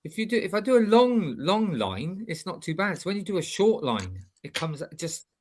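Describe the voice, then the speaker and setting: A man's voice: high-pitched, sing-song, normal speed. A man with a Bristolian accent co-hosting a casual chat, talking hesitantly with many restarts. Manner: hesitant, full of ums and restarts.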